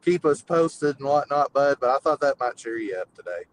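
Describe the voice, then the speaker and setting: A man's voice: mid-range voice, animated, normal speed, a little hiss or hum, poor audio. A man calls in and tells a long, rambling story full of fillers. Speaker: caller. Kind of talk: casual storytelling.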